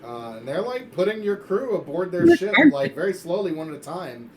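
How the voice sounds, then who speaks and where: A man's voice: high voice, huge pitch swings, fairly quick, dark tone. A man running a tabletop game as game master, narrating with many fillers and hesitations.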